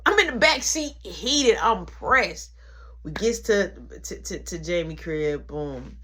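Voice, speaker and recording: A woman's voice: on the low side, takes it slowly. A woman telling a comedic story in slangy casual talk, acting out everyone's lines. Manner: animated, acts out quotes, slangy.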